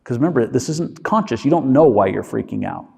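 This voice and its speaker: A man's voice: medium pitch, lively intonation, creaky, darkish tone, long reverb tail. A man, a physician, giving a conversational lecture and checking in with his listeners with a frequent "okay?". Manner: acts out inner voices in quick asides.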